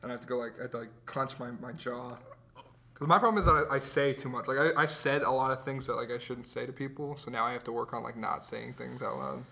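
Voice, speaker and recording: Fast bright-voiced teenage guy. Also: mid-range voice, vocal fry. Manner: animated, swears a lot, acts out quotes. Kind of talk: casual chat.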